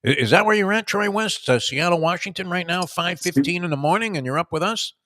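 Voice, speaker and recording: A man hosting a sports talk show, telling rambling stories with many filler pauses. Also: sits high, animated, sharp tone, dry recording, clean studio sound. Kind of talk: casual sports talk with a co-host.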